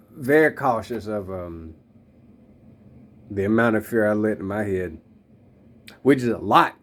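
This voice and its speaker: A man in his thirties reflecting on faith in a loose, slangy, rambling way, talking straight to his listeners. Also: mid-range voice. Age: 30s. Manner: addresses listeners directly. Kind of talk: casual spoken reflection on faith.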